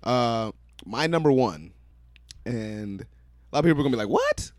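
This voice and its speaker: Casual male co-host, lively swooping pitch, dry close sound, emphatic. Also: moderate pace, no echo. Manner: animated, laughing, emphatic. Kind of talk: casual chat.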